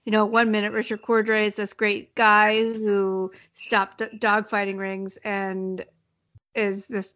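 A woman's voice: mid-range voice, flat delivery, unhurried, a bit bright. Chatty woman interviewer, rambling questions. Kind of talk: casual conversational interview.

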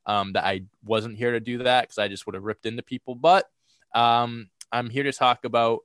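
A man's voice: medium pitch, fairly quick, clear, resonant tone, dry recording, studio quality. Congested man hosting a sports podcast. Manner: energetic, rambling with fillers and restarts. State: congested from a cold. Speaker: podcast host. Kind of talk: casual sports podcast chat.

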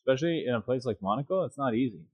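Brief: casual male podcast co-host, rambling and playful, average pitch, dry sound. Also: expressive, racing, husky, no echo. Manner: rambling, jokey, doing silly voices. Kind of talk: casual chat.

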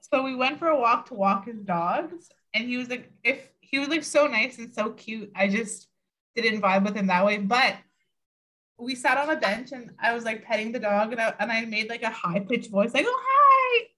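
A woman's voice: fairly high pitch, moderate pace. A woman co-hosting a podcast, telling stories casually and reading a closing message. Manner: storytelling, animated quoting. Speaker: podcast co-host. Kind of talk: casual chat and scripted sign-off.

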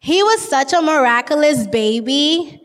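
A woman's voice: high-pitched, expressive, unhurried, a bit bright, in a large hall. A woman, casually and goofily retelling a Bible story in her own words. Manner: goofy, chatty, uses lots of "like". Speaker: informal Bible teacher.

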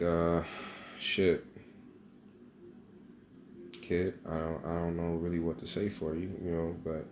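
Deep-voiced man telling a rambling story. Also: a little mellow, reverberant, slight background noise. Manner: profane, rambling, emphatic. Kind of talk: casual personal storytelling.

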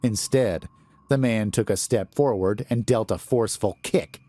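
A man reading a horror story aloud in a deliberate, expressive manner. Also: on the low side, no room sound. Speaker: narrator.

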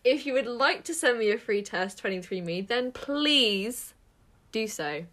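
A woman's voice: fairly high pitch, expressive, unhurried, fairly bright tone. A young woman co-hosting a podcast, chatting casually and breaking into sudden exclamations. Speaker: podcast co-host. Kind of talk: casual chat.

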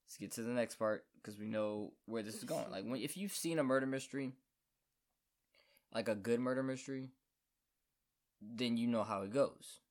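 A man's voice: mid-range voice, normal speed, long pauses. Male co-host, casual podcast banter, skeptical and hesitant, repeats himself. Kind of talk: casual chat reviewing a film.

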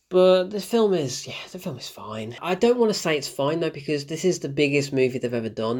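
Animated man laughing through a review. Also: medium pitch. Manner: animated, laughs often, exasperated asides. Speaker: film reviewer and show host. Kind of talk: casual film review monologue.

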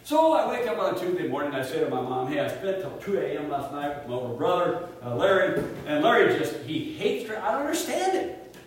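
A middle-aged man preaches at a retreat, telling a personal story with animated swings and hushed asides. His voice sits a bit high for a man. He is recorded from a distance in a very echoey room with faint hiss. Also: a little fast. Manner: animated storyteller, drops to hushed tones for quoted family.

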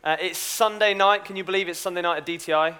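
A man's voice: high-pitched, fairly even intonation, fast talker, noisy background. A young man giving a chatty, self-deprecating youth talk with a story. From Britain. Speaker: youth speaker.

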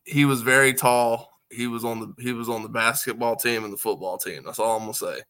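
Man telling a slow, profane story. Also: medium pitch, fairly even intonation, bright, forceful tone, smooth. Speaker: podcast guest. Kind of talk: casual chat.

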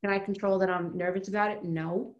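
A woman's voice: medium pitch, fairly even intonation, brisk, muffled recording. A woman giving a motivational self-help talk, emphatic and repetitive, often asking rhetorical questions. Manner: emphatic, repeats phrases, asks rhetorical questions.

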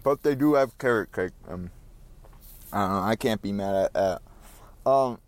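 His voice sits on the low side and keeps a moderate pace. This podcast host treats his show like a loose, wandering vlog, swearing and complaining as he drives around and shops, moving from car to store.

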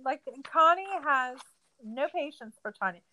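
A woman's voice: sits high, expressive, a little slow, pushed and bright. A young woman co-hosting a podcast, ranting in a casual, profane, sarcastic recap. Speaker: podcast co-host.

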